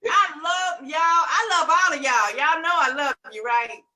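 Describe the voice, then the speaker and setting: A woman in her fifties giving an exuberant testimonial on a video call, emphatic and lively. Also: high voice, a little slow. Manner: emphatic and lively, calls listeners honey and girl. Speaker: webinar guest giving a testimonial. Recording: distant from the mic.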